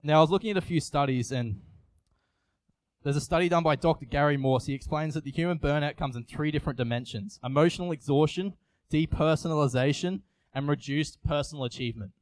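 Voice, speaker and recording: A man's voice: on the high side, fairly quick, a little mellow, no echo. A young man, giving an earnest, confessional sermon with frequent restarts. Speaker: youth preacher. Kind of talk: personal sermon.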